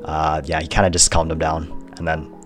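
A young man with a very low voice, telling a store story at an easy, rambling pace and laughing along the way. Faint music plays softly behind him. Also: completely flat delivery, moderate pace. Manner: laid-back, laughs often, rambling with fillers. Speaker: podcast co-host. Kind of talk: casual chat.

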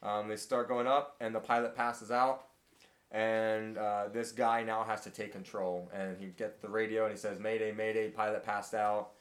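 A man leading a casual Bible study discussion, talking in a halting way with many fillers and restarts. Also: fairly low pitch, steady tone, echoey room. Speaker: group study leader.

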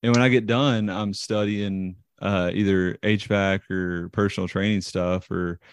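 A man's voice: low voice, fairly even intonation, unhurried, slight background noise. A man, a ballplayer guest telling rambling, self-deprecating stories in an interview. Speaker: interview guest, baseball player. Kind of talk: casual storytelling interview.

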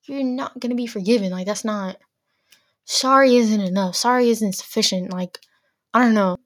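A woman's voice: mid-range voice, normal speed, no room sound, clean studio sound. A teenage girl hosting her own podcast, ranting bluntly and exasperatedly with lots of filler words. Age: teens. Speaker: podcast host. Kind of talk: casual solo rant.

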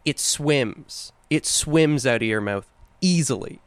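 A young man in casual podcast chat, with a smooth, resonant voice that sits in a middle pitch. He is playful and relishes each word he says. The sound is close and dry. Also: lively intonation, no echo. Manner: playful, savoring words, quick to laugh. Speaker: podcast co-host.

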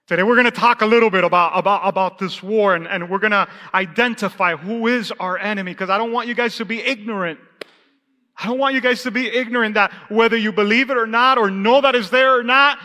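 A man preaches in a church with a high, bright voice that rings out across the long hall reverb. He mixes scripture with his own story, talking the way people do in everyday conversation and often repeating himself. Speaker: pastor. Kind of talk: sermon with personal testimony. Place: church sanctuary.

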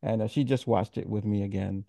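A man's voice: on the low side, fairly even intonation, a little fast, vocal fry, mellow, dry recording. A man hosts a laid-back movie review chat, retelling the plot with fillers and little laughs. His voice sits dry and close to the mic. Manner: laughing, rambling recaps with fillers. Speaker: podcast host.

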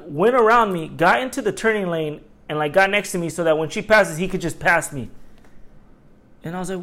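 A middle-aged man with a slightly high voice rants through a casual solo podcast. He tells his stories in an animated, profane way and acts out the lines of other people. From Los Angeles area. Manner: animated, profane storytelling with acted-out quotes. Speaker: podcast host.

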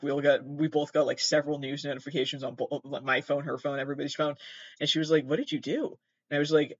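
A man's voice: on the high side, no room sound, dull audio. A young man from Massachusetts hosting a podcast, rambling through casual commentary with swearing and self-mocking asides. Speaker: podcast host.

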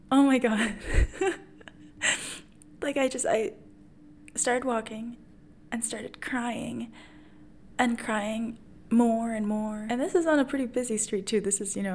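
A woman's voice: on the high side, darkish tone. A woman in her twenties hosting a podcast, telling a personal story in a candid, emotional way with many fillers. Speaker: podcast host. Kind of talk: personal monologue.

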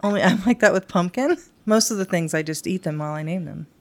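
Brief: woman podcast co-host, low-pitched voice, playful and chatty, laughs often. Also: fast, a little mellow. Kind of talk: casual chat.

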